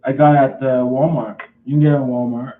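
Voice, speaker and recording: A man's voice: medium pitch, fairly even intonation, reverberant, far from the mic, phone-quality sound. A man casually vlogging at home, rambling and restarting his sentences as he talks through a chore. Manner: rambling, repeats himself, halting restarts.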